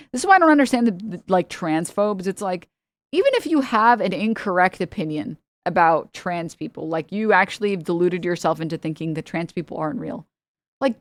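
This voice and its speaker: A woman streams and chats casually with her viewers, blunt, opinionated and quick to swear. Her voice sits at an ordinary middle pitch and laughs come easily. The sound is dry and close, with no room echo. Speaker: livestreamer. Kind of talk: casual livestream chat with viewers.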